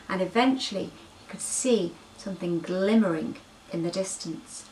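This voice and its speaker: A woman host telling a bedtime story to young children in an animated, sing-song way. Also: on the low side, moderate pace, far from the mic, rough recording.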